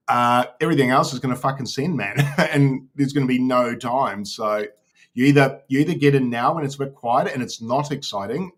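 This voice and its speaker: Chill aussie guy hosting a stream, jokey and loose, plain mid voice. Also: mid-range voice. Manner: laid-back, joking, swears. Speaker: host of a crypto channel. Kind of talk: casual live-stream chat.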